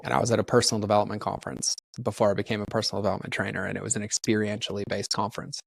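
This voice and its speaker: A man's voice: on the low side, level tone, racing, gravelly, no echo. A middle-aged man, a personal development trainer, telling a candid story as a podcast guest and animatedly acting out quoted dialogue.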